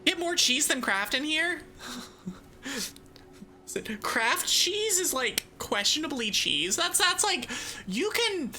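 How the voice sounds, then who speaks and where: Woman game streamer, bright high voice that jumps around a lot, chatty and self-mocking. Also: sing-song, takes it slowly. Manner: thinks aloud while playing. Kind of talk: casual game-stream chat.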